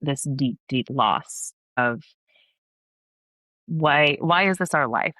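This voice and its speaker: A young woman from Texas, a podcast guest, earnestly telling a personal story in a casual interview, animated and laughing often. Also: extremely low pitch, slow pace, no room sound.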